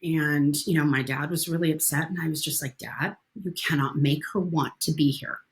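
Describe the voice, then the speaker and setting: Low-voiced woman, candid guest. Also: steady tone, moderate pace. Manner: candid, blunt storyteller who swears casually. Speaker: podcast guest. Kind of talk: casual interview chat.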